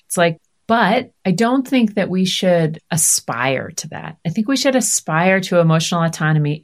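A woman in her fifties, a podcast guest talking candidly in conversation and acting out the voices of family members. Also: lowish voice. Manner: animated, acts out quoted voices.

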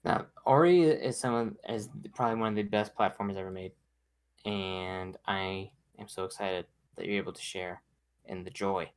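An enthusiastic man co-hosting a casual podcast, with a gravelly, creaky edge to his voice. He talks in an animated, excited way. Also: low voice, normal speed. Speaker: podcast co-host.

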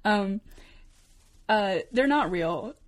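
A woman's voice: mid-range voice, animated, extremely slow. A young adult woman co-hosting a casual talk show, chatty, with frequent laughs and fillers. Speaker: co-host. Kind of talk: casual chat.

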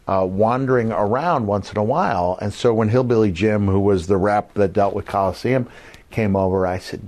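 Low-voiced man telling rambling wrestling stories. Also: normal speed, darkish tone. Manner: rambling anecdotes with many uh fillers, acts out quoted voices. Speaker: podcast co-host, former wrestler. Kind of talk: casual storytelling chat.

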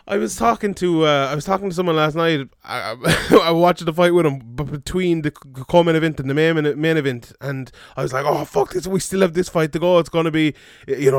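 An Irish man in his thirties hosting a relaxed podcast conversation. His voice sits a little high and comes through smooth and clear. The sound is dry and close, with easy swearing and frequent laughter. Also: dry recording. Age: 30s. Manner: chatty, swears and laughs often. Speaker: podcast host. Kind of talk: casual podcast chat.

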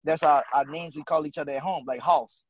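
A man's voice: a little high, a little fast, highs cut off, crowd noise. A man, telling stories as a podcast guest, acting out quotes and laughing often. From Houston, Texas. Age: late 30s. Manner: animated storyteller, acts out quotes, laughs often. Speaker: guest, former basketball player. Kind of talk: casual storytelling interview.

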